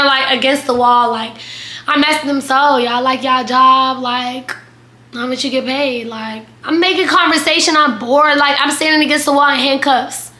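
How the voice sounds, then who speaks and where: Young woman vlogging a crazy storytime, bright sharp voice, roomy echo. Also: sits high. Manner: animated, dramatic storytelling with quoted voices. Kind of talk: storytime vlog.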